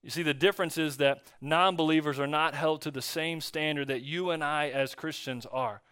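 A male pastor preaching a conversational sermon, telling a story in a relaxed way with fillers and restarts. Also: on the high side, moderate pace, clear, resonant tone, dry recording, studio quality. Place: church.

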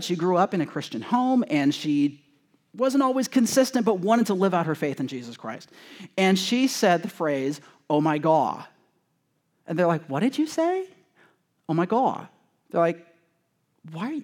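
A man preaching a sermon as pastor, in a relaxed, conversational way, joking with the congregation and acting out the voices he quotes. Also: high voice. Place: church sanctuary before a congregation.

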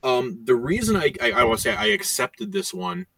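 A man's voice: sits high, sing-song, normal speed, gravelly, bright, forceful tone, dry recording. A man co-hosting a casual podcast chat, talking in a rambling way with many fillers. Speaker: podcast co-host. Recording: voice distant from the mic.

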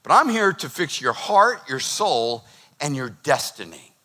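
A man from Boston preaching a sermon in a lively, conversational, joking way. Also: fairly high pitch, a little slow. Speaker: pastor.

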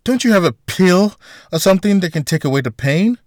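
A man's voice: high-pitched, expressive, a little fast, darkish tone, no echo, studio quality, pitched above the performer's own voice. A man voicing a woman patient in agony, tearful and desperate, with a strained, pleading delivery. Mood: pained.

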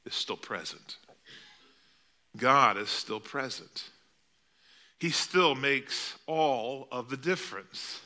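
A man's voice: medium pitch, sharp tone. A male pastor preaching a sermon in a church, telling a story with vivid, dramatic delivery. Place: church sanctuary.

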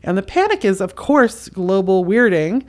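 A woman's voice: mid-range voice, big pitch swings, normal speed, a little mellow. A woman hosting a podcast, giving a spiritual commentary monologue in an impassioned, emphatic, casual way with frequent fillers. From outside the US. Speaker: podcast host.

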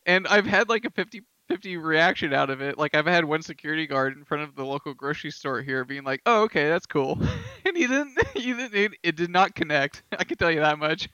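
Bright, clear-voiced man hosting a podcast. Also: on the high side, very animated, brisk, dry recording. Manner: laughing storyteller, filler-heavy. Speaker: podcast host. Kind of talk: casual chat. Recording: dull lo-fi dry sound.

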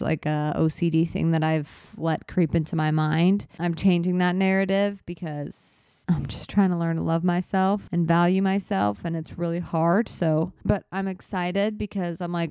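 A young woman talks alone on her podcast, earnest and searching, often restarting her thoughts. Her voice sits a little low and sounds mellow and smooth. It is recorded close in a dead, dry room. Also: steady tone, moderate pace, few pauses, dry recording. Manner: earnest and open, with fillers and restarts. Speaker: podcast host. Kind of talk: reflective solo podcast talk.

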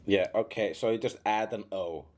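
A man's voice: fairly low pitch, moderate pace, a little mellow. A man from Iceland in casual chat, playful and trying silly impressions.

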